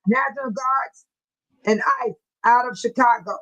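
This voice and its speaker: High-voiced woman chatting on a livestream. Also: a little slow, fairly bright tone, poor audio. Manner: chatty, reads articles aloud and talks back to chat. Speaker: livestream host. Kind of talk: casual livestream chat, reading news aloud.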